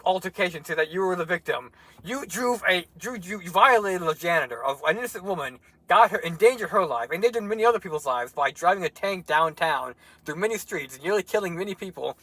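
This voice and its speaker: Fast-talking bright young man ranting. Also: high-pitched, lively intonation, dry recording, low-quality recording. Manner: ranting, profane, heated. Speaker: co-host. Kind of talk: casual chat.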